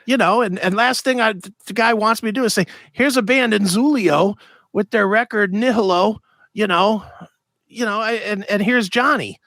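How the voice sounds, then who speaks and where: A man's voice: high voice, normal speed, fairly bright tone, no echo. A man co-hosting a podcast, telling a rambling story in casual chat and mimicking the people he quotes. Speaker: podcast co-host.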